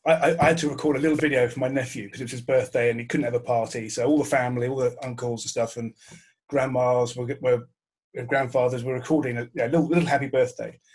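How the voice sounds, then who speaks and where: Husky middle-aged host. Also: male voice, medium pitch, steady tone, quick pace, darkish tone. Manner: friendly, reflective, with stammered starts. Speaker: host and TV presenter. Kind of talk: casual video-call conversation. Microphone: video call.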